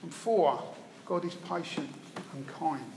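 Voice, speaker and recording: Guy preaching, slow and unhurried, higher voice, big echoey hall with a faint hum behind. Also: darkish tone. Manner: storytelling, wry asides. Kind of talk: sermon retelling a Bible story.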